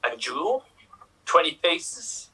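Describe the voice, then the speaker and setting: An improv performer from Scotland playing a scene in a bossy, deadpan way over a video call. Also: medium pitch, slow, slight background noise.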